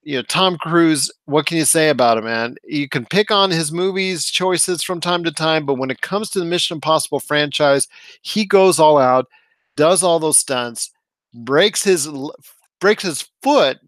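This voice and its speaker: Guy hosting a movie chat show, excited, keeps saying i'll tell you what, dry close sound. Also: a little high, a little slow, no echo. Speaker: movie podcast host. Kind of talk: casual movie review chat.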